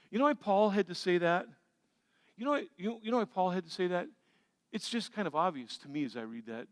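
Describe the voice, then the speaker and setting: A man preaching a sermon as pastor, animated and acting out little everyday scenes for the congregation. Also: high voice, dry recording. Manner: animated, acts out little scenes with shifting energy. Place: large church sanctuary.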